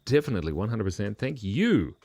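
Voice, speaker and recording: A man's voice: on the low side, very animated, brisk, gravelly, darkish tone, no room sound. A man hosting a live drawing stream, chatting playfully and gushing with praise as he draws. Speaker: drawing livestream host.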